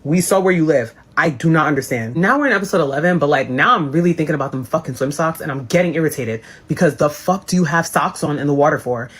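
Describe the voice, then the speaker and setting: A woman's voice: sits low, quick pace, hardly any pauses, slightly rough. A woman hosting a casual live recap chat, sassy and exasperated. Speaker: host.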